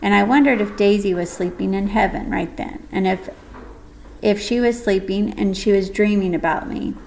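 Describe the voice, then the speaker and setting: A woman reading a first-person audiobook story in a gentle, measured way. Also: mid-range voice, creaky, a little hiss or hum, poor audio. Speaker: audiobook narrator.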